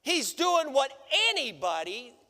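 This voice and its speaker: A man's voice: extremely high pitch, very animated, unhurried, sharp tone, big-room sound. A man preaching a sermon as pastor, working through the story with repeated rhetorical questions. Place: church sanctuary.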